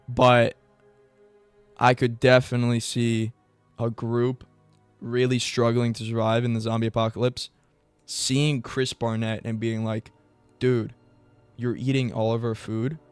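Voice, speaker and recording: A man's voice: clean tone, no room sound. A young man talking casually and at length on his own as a commentary vlogger, rambling and swearing freely. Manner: rambling and profane, with bursts of high excited mock voices. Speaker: MMA commentary YouTuber.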